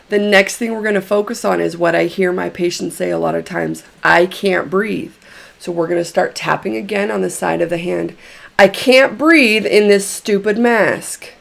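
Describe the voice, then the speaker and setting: A woman guiding a tapping session, repeating phrases emphatically and giving gentle, encouraging instructions. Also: fairly low pitch, gravelly. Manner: slow, emphatic repetition of phrases. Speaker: tapping therapy guide.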